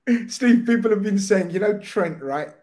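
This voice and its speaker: A man's voice: high-pitched, expressive, normal speed, darkish tone. A man, a guest in a casual football chat, telling stories animatedly and swearing freely.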